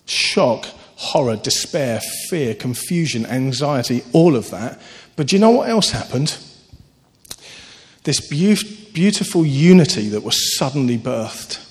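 A man preaching a sermon, earnest and animated, telling stories with sudden lifts in his voice. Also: mid-range voice, measured pace. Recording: long hall reverb.

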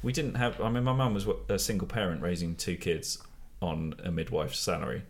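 A man hosts a casual podcast, his voice sitting very low. He rambles and pokes fun at himself as he talks. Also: fairly even intonation, fairly quick, slight background noise. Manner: rambling, self-mocking. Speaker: podcast host. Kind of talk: casual chat.

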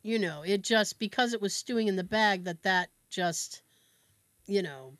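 A woman co-hosting a podcast, telling a family story in casual chat, animated and acting out her relatives' voices with frequent laughs. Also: mid-range voice, unhurried, dry recording. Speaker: podcast co-host.

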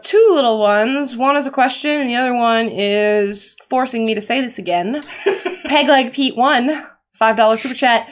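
A woman's voice: a little high, normal speed. A woman hosting a casual livestream chat, reading viewer questions aloud and laughing along. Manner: chatty, laughs while reading tongue-twisters.

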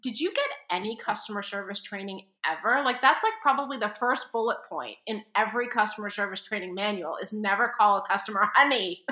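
Animated storytelling woman, bright voice. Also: medium pitch, fairly quick, roomy sound. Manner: animated, quotes people with exaggerated voices. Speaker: podcast co-host. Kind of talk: casual storytelling.

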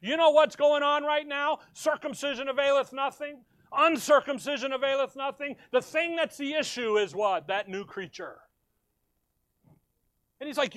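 High-pitched emphatic preacher man, dry sound. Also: a bit bright, dry recording. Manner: emphatic, asks the congregation questions and answers them; reads scripture aloud in slow stressed phrases. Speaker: pastor. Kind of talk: sermon.

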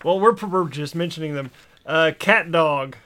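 A man's voice: a little high, measured pace, bright, forceful tone. A man co-hosting a casual podcast, rattling off show titles and laughing easily. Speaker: podcast co-host. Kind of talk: casual chat.

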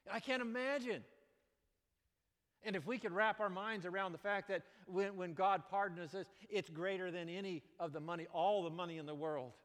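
A male pastor preaching a sermon, animated, moving between loud exclamations and quiet, earnest passages. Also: high-pitched. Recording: long reverb of a large hall.

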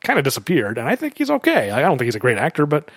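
A man in a casual, opinionated movie discussion, animated and mocking. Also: medium pitch, racing, dry recording, studio quality.

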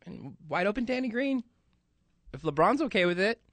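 A male sports radio co-host who argues points earnestly, in a somewhat high voice. He is recorded close and dry in the studio. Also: big pitch swings, normal speed, a bit bright, no room sound. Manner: earnest, argumentative about sports. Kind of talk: casual radio banter.

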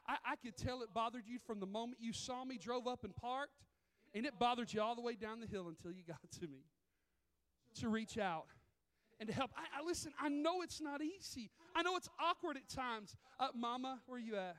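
A man's voice: sits high, brisk. A man preaching a sermon in a church, telling stories and acting out other people's voices. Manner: animated, acts out voices in stories. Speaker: pastor. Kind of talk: sermon with storytelling. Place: church sanctuary.

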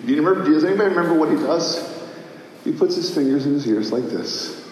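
A man preaching a sermon as pastor, swinging between impassioned shouting and hushed prayer. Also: on the high side, animated, quick pace, recorded from a distance, slight background noise. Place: church sanctuary. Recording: echoey hall, faint ambience.

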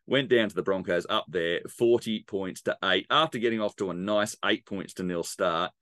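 A man's voice: low-pitched, normal speed, a bit bright, dry recording, studio quality. A man with an Australian accent co-hosting a casual sports podcast, rambling and joking through a match recap. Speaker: podcast co-host.

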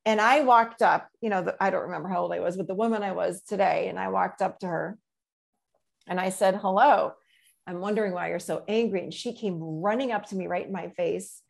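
A middle-aged woman coach telling stories in a gentle, reflective way in a casual interview. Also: on the low side, fairly quick, gravelly. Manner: gentle, reflective storyteller with many "you know"s.

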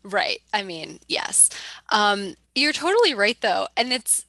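A woman co-hosting a podcast, chatting casually as she recaps a book with quick asides. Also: medium pitch, big pitch swings, pushed and bright, no room sound. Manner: chatty, quick asides, reads clues aloud. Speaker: podcast co-host.

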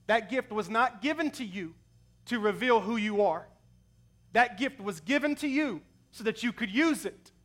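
A man's voice: extremely high pitch, a bit bright. A man in his thirties preaching a sermon, telling personal stories in an emotional, conversational way. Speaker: pastor.

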